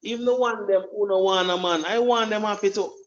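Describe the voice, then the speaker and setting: Jamaican guy preaching his opinions, kinda high voice, repeats himself a lot, muffled lo-fi sound. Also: steady tone, fairly quick. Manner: emphatic, preachy, repeats words. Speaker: commentator. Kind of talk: opinion monologue.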